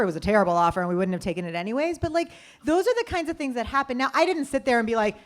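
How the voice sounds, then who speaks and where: A woman co-founder telling an anecdote in an interview, acting out the voices of the people she quotes. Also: fast. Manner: lively storyteller acting out quoted voices with big pitch jumps. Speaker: company co-founder, interview guest.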